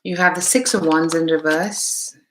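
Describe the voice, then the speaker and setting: A woman's voice: deep voice, steady tone, normal speed, a little hiss or hum. A woman with a mixed Indian accent, hosting a live tarot stream in a chatty way, greeting viewers by name and thinking aloud as she reads the cards. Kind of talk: casual live-stream chat and tarot reading.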